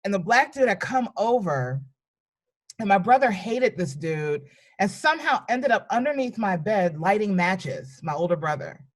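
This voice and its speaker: A woman comedian from New York and Virginia, casually telling lively stories on a podcast and acting out the people in them. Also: mid-range voice, moderate pace. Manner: animated, acts out voices in anecdotes. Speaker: comedian guest.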